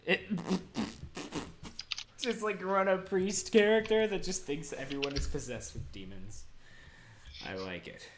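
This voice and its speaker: A man's voice: fairly high pitch, slow pace, pauses often. A man playing a tabletop game on a live stream, joking and rambling as he talks to the others and the audience. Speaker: player. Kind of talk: casual chat on a live stream.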